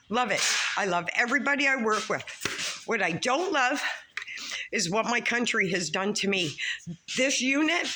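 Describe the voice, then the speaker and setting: Woman, 50s, drywaller. Earnest personal appeal, repeats lines for weight, mid-pitched voice, recorded on a phone. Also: a bit bright, slight background noise. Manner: pleading, repeats her points for emphasis. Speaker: drywaller vlogging from work. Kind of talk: heartfelt personal vlog appeal. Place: indoor unit of a building under construction.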